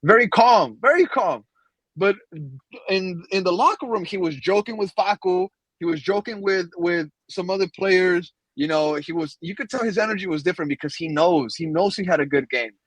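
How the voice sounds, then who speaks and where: Man, podcast co-host, high voice, dry close sound, passionate emphatic commentary. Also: moderate pace, fairly bright tone, no echo, low-quality recording. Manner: fired-up, emphatic, calls listeners brother.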